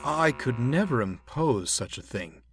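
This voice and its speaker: A man voicing a polite, formal male steam engine, speaking in a measured, courteous way. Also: mid-range voice, lively intonation, background noise, voice pushed up, natural voice.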